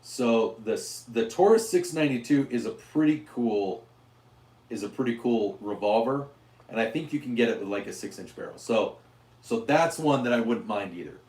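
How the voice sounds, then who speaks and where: A man hosts a casual gun livestream, answering viewers while his voice wears hoarse. He rambles and restarts often, at a middling pitch. The room around him rings with echo. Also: lively intonation, moderate pace, a little mellow. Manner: rambling, with frequent restarts and fillers. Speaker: gun channel host reading live chat.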